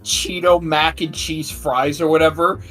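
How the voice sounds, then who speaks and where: A man's voice: a little high, flat delivery, measured pace, a bit bright, soft background music. A man in his thirties co-hosting a podcast, telling rambling stories in casual, crude banter. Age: 30s. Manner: rambling storytelling, swears freely. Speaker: podcast co-host.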